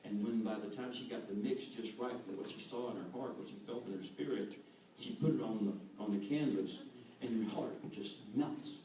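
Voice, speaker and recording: Man, guest preacher, mellow voice, very echoey room, distant mic. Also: on the low side, moderate pace, hardly any pauses, slight background noise. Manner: animated, acts out quoted voices, chuckles. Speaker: guest speaker. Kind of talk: sermon. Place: church hall.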